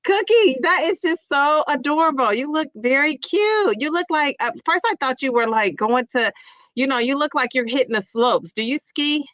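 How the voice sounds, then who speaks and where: A woman's voice: sits high, lively intonation, normal speed, fairly bright tone, no echo, muffled recording. Bubbly woman hosting a livestream. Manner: bubbly, playful, laughs at her own jokes. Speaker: livestream host greeting viewers. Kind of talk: casual livestream chat.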